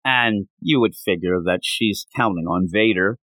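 A man's voice: lowish voice, unhurried, no room sound. Rambling podcast host, man, dry mic. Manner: rambling, animated, with filler words. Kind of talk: casual chat recapping a comic.

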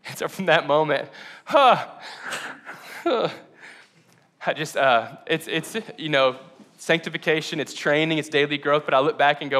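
A man's voice: on the high side, normal speed, long pauses, sharp tone. A young adult man preaching a sermon, earnest and confessional, close to tears at times, stumbling and restarting as he tells his own story. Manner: earnest and confessional, with self-conscious laughs and restarts. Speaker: pastor.

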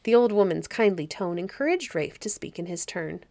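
A woman narrating a fairy story audiobook in a calm, measured way. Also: on the low side, creaky, no echo. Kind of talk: reading a fairy story aloud.

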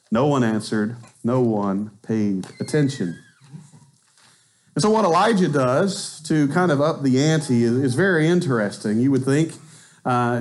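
A man, raised in Arkansas, preaching a chatty sermon in a church, joking as he goes and acting out quotes with a lifted voice. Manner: chatty, joking asides, acts out quotes with rising pitch. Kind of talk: conversational sermon. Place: church sanctuary.

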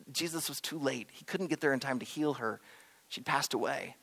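Dramatic high-voiced preacher in a reverberant hall. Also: male voice. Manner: dramatic storytelling, drops to a hush at solemn moments. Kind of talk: sermon retelling a story in the second person.

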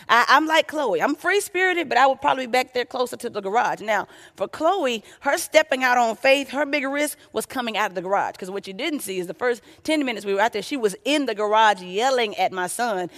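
A woman's voice: on the high side, expressive, quick pace. A woman preaching a sermon, often addressing her listeners as y'all. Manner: warm conversational preaching, addresses audience as y'all.

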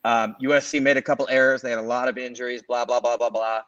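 A man in his forties from the Los Angeles area co-hosts a sports podcast, swapping casual chat and long, rambling, animated stories stuffed with fillers. His mid-range voice moves at a quick pace, and the recording is dry and muffled.

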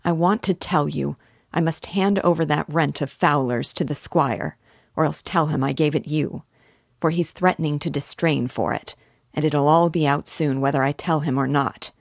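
A woman's voice: deep voice, steady tone, normal speed, gravelly, no room sound, studio quality. A woman reading the lines of a gloomy young man who speaks savagely to his brother. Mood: angry. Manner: savage, tense. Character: gloomy, bitter young man, quick to anger.

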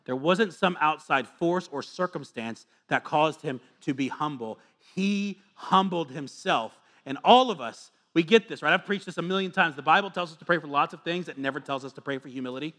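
Bright-voiced man preaching a sermon. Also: on the high side, fairly quick, hardly any pauses. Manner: earnest and confessional, swinging from soft asides to emphatic repetition. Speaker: pastor.

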